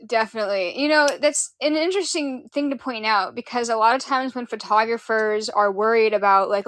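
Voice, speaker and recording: Young woman host, casual and frank, slightly high voice, dry close sound. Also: brisk, few pauses, fairly bright tone, dry recording. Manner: sympathetic, frank, swears casually. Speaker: podcast host. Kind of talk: casual interview.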